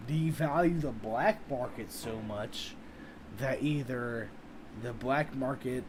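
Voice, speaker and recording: A man from the United States talks casually to his stream chat, rambling and swearing freely. His voice sits in a middle pitch, with a faint hiss under it. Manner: rambling, profane, animated. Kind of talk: casual live-stream chat reading comments.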